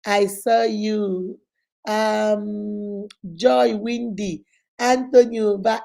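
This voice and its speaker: A Nigerian woman chatting on a livestream in a mellow, warm-toned voice. She talks effusively and repeats herself for emphasis. She greets her viewers one by one with affectionate names. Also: medium pitch, fairly even intonation, extremely slow, vocal fry, rough recording. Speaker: livestream host. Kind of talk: casual livestream chat.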